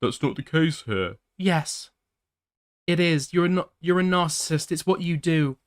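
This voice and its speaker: Man voicing a bitter young woman ex, pitched up, sharp and accusing. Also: measured pace, lightly acted.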